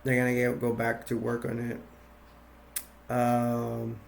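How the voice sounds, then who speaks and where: A man with a rough, gravelly edge at an ordinary pitch recaps a movie's plot off the cuff. He rambles, fills gaps with ums, and restarts his sentences. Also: completely flat delivery, slow pace, slight background noise. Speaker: movie reviewer. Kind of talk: casual plot retelling. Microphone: attached to a bag.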